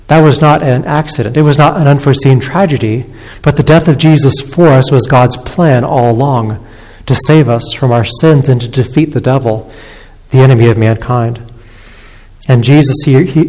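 A man preaching a sermon as pastor, earnest and steady, with frequent small restarts. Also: medium pitch, in a large hall, low-quality recording.

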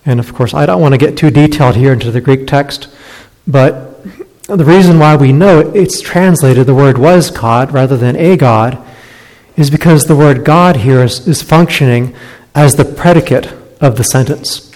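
A man's voice: mid-range voice, darkish tone. Male preacher, mid-range voice, patient explanatory sermon delivery, recorded with long reverb. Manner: explanatory, slows down on key phrases. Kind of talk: teaching sermon on scripture.

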